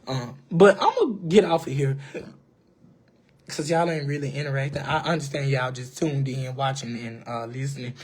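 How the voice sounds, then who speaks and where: A woman's voice: rumbling low, moderate pace, darkish tone, husky. A woman in a casual live-stream monologue, speaking straight to her viewers with emphatic, preachy advice, repeating phrases and calling them "baby". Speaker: livestreamer.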